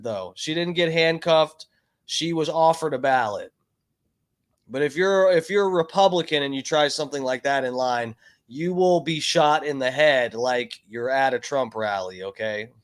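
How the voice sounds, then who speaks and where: A man hosting a livestream, chatting casually and telling a story in a rambling, profane way with lots of fillers and restarts. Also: a little high. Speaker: livestream host. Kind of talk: casual stream chat, storytelling.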